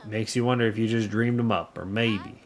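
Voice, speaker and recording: A grieving frontier mother who muses slowly and speaks softly, read aloud by a man. The voice stays fairly low, with a faint hum of noise behind it. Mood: wistful.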